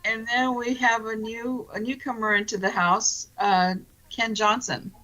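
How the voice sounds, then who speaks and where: A woman's voice: a little high, fairly even intonation, measured pace, pushed and bright, rough recording. A woman co-hosting a radio talk show, announcing guests in a casual, upbeat chat and laughing often.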